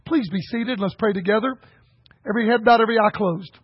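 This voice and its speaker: A man preaching a folksy sermon that rises to shouted emphasis. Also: sits high, a little fast, husky, no room sound, muffled recording.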